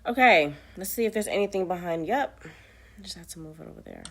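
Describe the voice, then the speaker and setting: A woman's voice: lowish voice, lively intonation, brisk, slightly rough. A woman playing a trivia app, reading the questions aloud and muttering casual commentary to herself as she plays.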